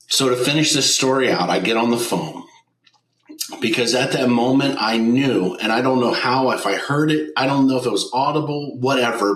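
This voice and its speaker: A man's voice: mid-range voice, a bit bright, reverberant, poor audio. A man, a business owner telling an emotional personal testimony as an interview guest, acting out the dialogue he quotes. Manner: earnest storyteller who acts out quoted dialogue.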